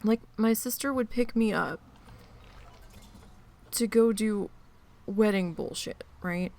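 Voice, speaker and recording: A woman streamer with a slow, creaky, slightly mellow medium-pitched voice tells a family story while gaming. She chats casually, swears freely and acts out the voices of the people she quotes.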